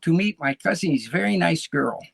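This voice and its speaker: A man voicing a friendly, eager mall security chief who talks in broken English, his voice a little raised. The voice stays gravelly and husky with a rough edge. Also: fairly high pitch, lively intonation, brisk, heavily acted.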